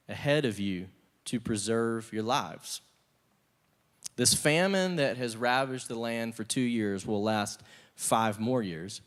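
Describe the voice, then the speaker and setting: A man preaching a sermon in a relaxed, conversational way, laughing now and then and acting out what people might say. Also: medium pitch. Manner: casual and conversational, with laughs and acted-out asides. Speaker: pastor. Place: church sanctuary. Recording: long reverb of a church hall.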